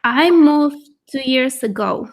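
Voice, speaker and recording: A young woman talks casually over a webcam mic, her voice sitting somewhat high with a lot of vocal fry. She speaks chattily, restarting her sentences and laughing easily. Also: lively intonation, slow. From Venezuela. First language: Spanish. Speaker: guest. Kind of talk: casual livestream chat.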